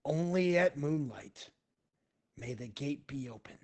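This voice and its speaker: Man doing a hushed prophetic old seer. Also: a little high, lively intonation. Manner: slow, hushed prophetic chanting. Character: greedy drooling old male alienist seer.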